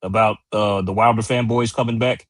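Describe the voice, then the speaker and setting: A man's voice: lowish voice, fairly even intonation, a little fast, no room sound. A man co-hosting a casual boxing stream, laughing easily and restarting his sentences. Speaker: co-host. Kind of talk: casual chat on a livestream.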